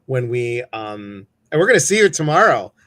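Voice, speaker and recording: A man's voice: medium pitch, very animated, normal speed, bright, forceful tone. A man hosting a live stream, chatting casually, greeting viewers and reading their comments, with many fillers. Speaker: host.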